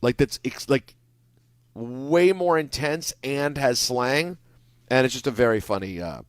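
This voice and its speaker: A man's voice: medium pitch, unhurried, no echo. A man co-hosting a sports radio show, playful and joking, talking casually with his co-hosts. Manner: jokey, playful, repeats bits. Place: radio studio.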